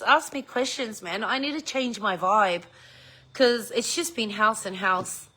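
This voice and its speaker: A woman's voice: on the high side, measured pace, sharp tone. A middle-aged woman, chatting casually with viewers, telling a story and swearing freely. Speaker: vlogger chatting live with viewers. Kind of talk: casual chat.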